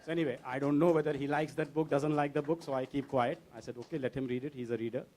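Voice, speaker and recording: A man's voice: medium pitch, fast talker. A man, a diplomat and author on a book fair panel, telling dry, humorous anecdotes. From India. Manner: dry, deadpan storyteller.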